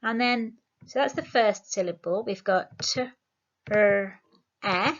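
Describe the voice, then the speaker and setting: A woman leads a children's spelling lesson, patiently sounding out each syllable. Her voice sits at an ordinary middle pitch. The recording is slightly muffled and lo-fi. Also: slow pace. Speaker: primary school teacher.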